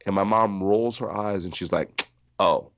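A middle-aged man from New Jersey, a podcast guest telling stories in a lively way, acting out the people he quotes. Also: on the low side, moderate pace, a little hiss or hum. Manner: animated storyteller acting out quoted voices, laughing often. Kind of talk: storytelling in a podcast interview. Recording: dry muffled sound.

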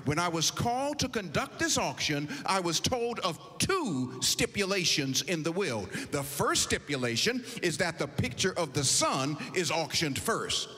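Insistent male auctioneer, put on by a preacher, slow and lively, husky, long reverb. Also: fairly high pitch, pitched above the performer's own voice, exaggerated voice. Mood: apologetic.

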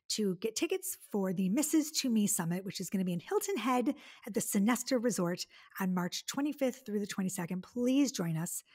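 A middle-aged woman from the Detroit area talks through her podcast alone, gushing and filler-heavy. Her voice sits at a middle pitch with a husky, slightly breathy grain. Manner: chatty and effusive, many fillers. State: tearful. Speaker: podcast host. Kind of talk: casual solo podcast monologue.

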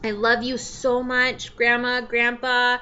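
A young woman talks straight to the camera with a bright, ringing voice. Her manner is chatty and tender, a personal message meant for her family. The home recording sounds a little dull, with faint background noise. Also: fairly high pitch, completely flat delivery, takes it slowly. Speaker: vlogger.

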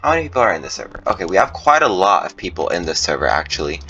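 A man giving excited gameplay commentary, his voice jumping high when tense. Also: rapid-fire, muffled recording, soft background music. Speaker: gaming YouTuber.

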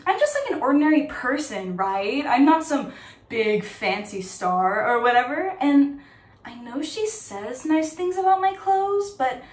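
A woman's voice: high voice, sing-song, a little slow. A woman playing a giddy young woman who chats breezily about her imaginary celebrity friend, in an audition monologue. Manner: chatty, breezy, full of fillers. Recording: echoey room, mic at a distance.

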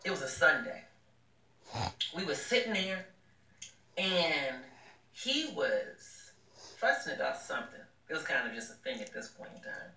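A blunt, emphatic woman talks with preachy conviction, calling her listeners "baby" and "honey." Her voice is bright and sharp. She sits back from the microphone in an echoey room. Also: low voice, big pitch swings, a little slow, pauses often, recorded from a distance. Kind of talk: casual advice talk.

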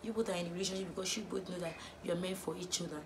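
A young woman vlogging, firing off exasperated rhetorical questions in an animated opinion rant. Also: fairly low pitch, rapid-fire, background noise.

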